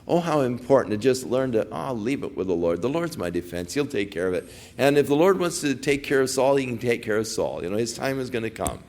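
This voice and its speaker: Male pastor doing bible teaching, chatty, wanders off on asides, pitch moves around a lot. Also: a little mellow. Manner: conversational and digressive, with asides.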